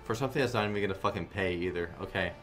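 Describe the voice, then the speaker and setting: A man commenting casually on a slot game stream, swearing a lot and swinging between flat muttering and loud outbursts. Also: deep voice, very fast, over music.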